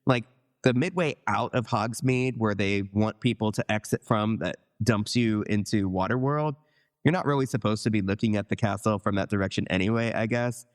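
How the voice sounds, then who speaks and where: A man with a fairly low voice in an easygoing podcast conversation, trading observations with his co-host. He fills his sentences with "like" as he talks things through. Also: moderate pace. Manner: conversational, leans on "like". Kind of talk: casual podcast discussion.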